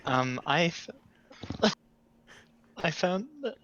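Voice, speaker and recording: A man's voice: mid-range voice, fairly bright tone. A man plays a hesitant young German man in a tabletop game. He speaks with a German-tinged British accent, hunting for words with many ums. The sound comes through dull and lo-fi. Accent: German-tinged British English. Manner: hesitant, halting, many fillers.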